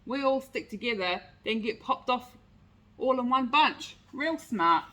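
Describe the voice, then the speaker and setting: A woman's voice: fairly high pitch, lively intonation, a little slow, pushed and bright. A woman voicing a sarcastic, mocking fox in a read-aloud picture book. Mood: sneering.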